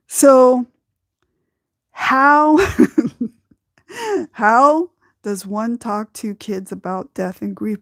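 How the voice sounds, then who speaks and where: A woman from Southern California hosting a podcast, telling a personal story slowly and from the heart, often breaking into laughter. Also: fairly high pitch, a bit bright, no room sound, studio quality. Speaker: podcast host.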